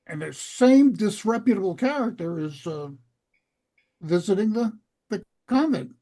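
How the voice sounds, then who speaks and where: An older man with a husky voice, telling jokes in a chatty storytelling way. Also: high voice, lively intonation, a little slow, dark tone. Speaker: comedy show regular.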